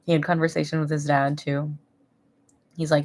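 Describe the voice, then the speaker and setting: A woman's voice: deep voice, level tone, moderate pace, darkish tone. A woman in her thirties chatting casually on a live stream from home, rambling and emotional, laughing often. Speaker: vlogger.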